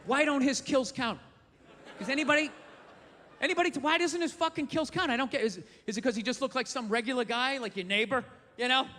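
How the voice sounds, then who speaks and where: A man doing a stand-up comedy set on stage, ranting and swearing with loud shouted bursts, recorded live in a theater. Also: extremely high pitch, brisk. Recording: live in a theater with long reverb and faint crowd noise.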